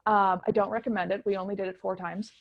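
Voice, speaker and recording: A middle-aged woman, telling her story as a guest in a casual interview, animated and chatty with many restarts. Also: mid-range voice, fast, vocal fry, dull audio. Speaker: guest chef.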